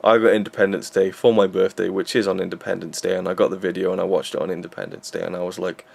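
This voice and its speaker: A man's voice: deep voice, steady tone, fast, vocal fry, a little mellow, breathy edge. A young man reviewing a film in a rambling, self-deprecating casual chat with lots of fillers.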